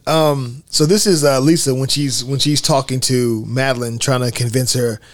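A man co-hosting a casual film podcast, reading favorite movie quotes aloud in a relaxed way. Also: medium pitch, moderate pace, dry recording. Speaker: podcast co-host. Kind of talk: casual film commentary chat.

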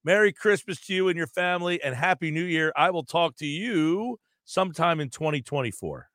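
Higher-voiced male sports radio host. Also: animated, brisk, a bit bright, dry recording, clean studio sound. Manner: conversational, poses long questions.

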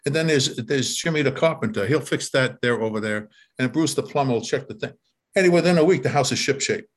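A man's voice: medium pitch, fast talker. An older man reminiscing in casual talk, rambling and repeating words, often chuckling as he tells his story.

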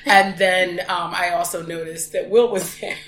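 A woman hosting a podcast, telling fan stories in an animated, laughing way. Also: on the low side, normal speed. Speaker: podcast host. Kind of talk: excited fan chat. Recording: echoey room with music behind.

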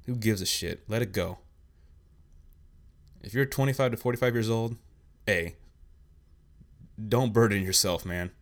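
A man's voice: lowish voice, a little slow, long pauses. A young man hosting a podcast, ranting bluntly in a casual, profane way. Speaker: podcast host. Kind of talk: casual rant.

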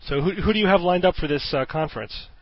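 A man's voice: high-pitched, fast talker, no room sound. Thoughtful male podcast host. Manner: thoughtful, explanatory, with self-corrections. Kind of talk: discussion in a podcast interview. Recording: dull lo-fi audio.

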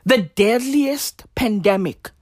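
High, swooping woman in a shouty rant. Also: no room sound, clean studio sound. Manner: shouty, slangy, wild swings from yells to whispers. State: voice cracking. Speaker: comic ranter. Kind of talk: profane comedic rant.

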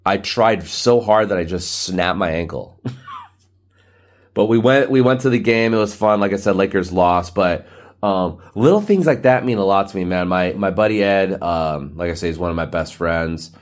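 Male podcast host, late thirties, very deep voice, rough and loose, rambles with lots of filler. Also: normal speed. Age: 30s. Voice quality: morning-rough voice. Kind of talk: casual solo podcast rant.

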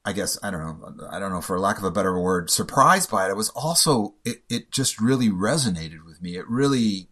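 A man telling a personal story in a halting, emotional way, often stumbling and repeating himself. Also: low voice, lively intonation, a bit bright.

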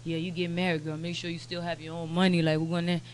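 A woman guest in casual podcast chat, telling animated stories and quoting the people in them. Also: lowish voice, fast, a little hiss or hum. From United States, Haitian family. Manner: animated storyteller, quotes people in their own voices. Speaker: podcast guest, media brand owner.

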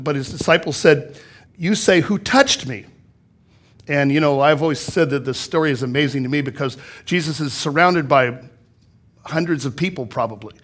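Man, pastor, sermon, higher-pitched voice, reads scripture then explains, repeats for emphasis, church sanctuary. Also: a bit bright.

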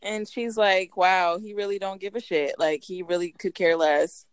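A woman co-hosting a podcast, casually retelling a story with lively acted-out quotes and frequent laughter. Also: fairly low pitch, moderate pace, clean tone, no echo. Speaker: podcast co-host. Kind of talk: casual story review chat.

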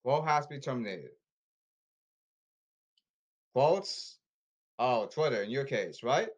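A man ranting about baseball and social media in repetitive, halting bursts. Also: mid-range voice, animated. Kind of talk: rambling ranting commentary.

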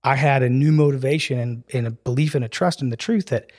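A man's voice: medium pitch, quick pace. Earnest man telling his story. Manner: animated storyteller who acts out dialogue with "I'm like" and "he's like"; earnest and emotional, with filler "like" and "dude". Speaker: podcast guest. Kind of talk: casual storytelling interview.

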